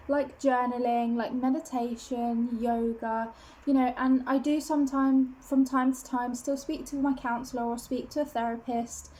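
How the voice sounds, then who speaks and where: A woman's voice: a little high, fairly even intonation, a little slow, dark tone, slight background noise. A young woman vlogging at home, talking openly to camera in a rambling, self-conscious way with lots of fillers and restarts. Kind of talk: casual confessional chat to camera.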